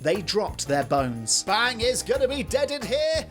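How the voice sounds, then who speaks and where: A man's voice: very high voice, animated, moderate pace, few pauses, fairly bright tone, soft background music. A man delivering scripted comedy esports commentary with mock hype and absurd asides. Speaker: comic esports caster.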